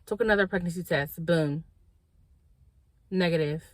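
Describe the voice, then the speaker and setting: A woman with a lowish voice tells a personal story for her vlog, casual and slangy, talking straight to her viewers. She acts out what everyone said, and her voice jumps high when she gets worked up. The sound is dry and close, with no room echo. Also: normal speed. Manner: animated storytelling, acting out quoted dialogue; slangy, direct, addresses viewers as y'all. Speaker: vlogger.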